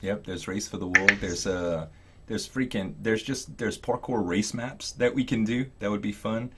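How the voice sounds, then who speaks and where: A man's voice: lowish voice, moderate pace, very noisy. A man hosting a casual group podcast, laid-back and laughing often. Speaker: podcast host. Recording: live group call, overlapping voices.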